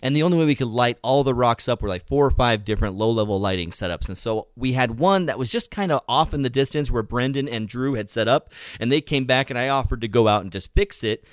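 Man, photography workshop leader, casual chat, smooth voice, middle pitch. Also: expressive, fast talker, few pauses, no room sound, clean studio sound. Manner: vivid storyteller, acts out his own thoughts.

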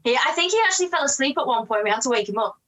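An actress with an English accent chatting as a guest, talking quickly and laughing often. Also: female voice, high-pitched, animated, fairly bright tone, poor audio. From England. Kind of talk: casual interview chat.

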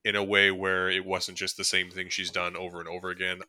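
Against a crowd in the background, a low-pitched man speaks briskly and in a monotone. Co-hosting a movie podcast, he rambles casually through a review, dropping plenty of fillers and chuckling often.

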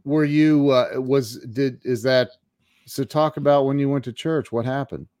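A man's voice: mid-range voice, steady tone, a little slow, a little mellow, no room sound, studio quality. A man hosting an interview, reacting with amazed short remarks. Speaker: podcast host. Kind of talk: interview conversation.

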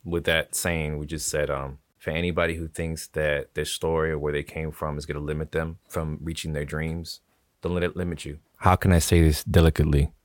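A man's voice: rumbling low, level tone, fairly quick, no room sound. A man hosting a casual interview, talking in an earnest, emphatic way. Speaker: host.

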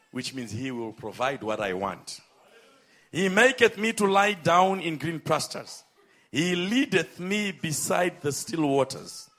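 A man preaching a sermon, with emphatic, drawn-out phrases, calling on the congregation to respond. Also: a little high, a bit bright.

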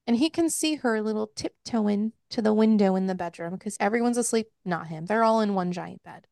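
A woman's voice: medium pitch, a little fast, gravelly, darkish tone, no echo, clean studio sound. A young woman hosting a podcast, casually recapping a book in a chatty, profane way with frequent laughter. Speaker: podcast host.

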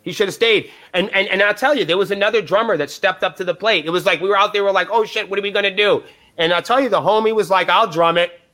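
Speaking quickly in a sharp, high-pitched voice, a band member guest on a live podcast interview delivers a long, profane story casually, performing each side of the conversation himself.

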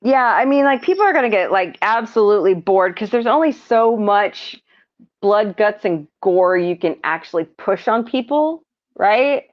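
A woman's voice: medium pitch, animated, moderate pace. A woman hosting a casual movie recap podcast, rambling with frequent ums and laughs. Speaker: podcast host. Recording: dull lo-fi audio.

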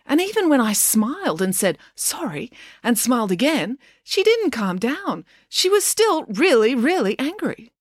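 A bubbly, overly cheerful girl from a storybook, put on by a woman reading aloud. Her voice jumps well above the reader's own, swings lively up and down, and stays close and dry. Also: on the high side, normal speed, husky, no echo, voice pushed up. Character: sunny, self-assured, overly cheerful girl.

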